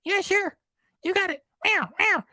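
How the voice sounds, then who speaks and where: A man voicing a chirpy cartoon cat mascot that meows and shouts thanks to donors. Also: extremely high pitch, a little slow, dry recording, studio quality, pitched above the performer's own voice, exaggerated voice. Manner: meowing, sing-song shouting of thanks.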